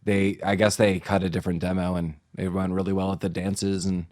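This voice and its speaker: A man's voice: low-pitched, little pitch movement, a little fast, darkish tone, dry recording, clean studio sound. A man co-hosting a casual podcast chat, joking around and laughing often. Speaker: podcast co-host.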